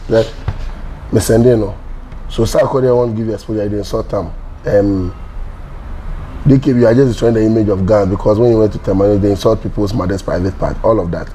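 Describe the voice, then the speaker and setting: A man's voice: fairly low pitch, brisk, mellow, slight background noise, poor audio. A man with a Ghanaian accent, a guest in an interview, telling stories animatedly in mixed Pidgin and English and acting out what people said. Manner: mixes Pidgin and English, acts out quoted dialogue, laughs often.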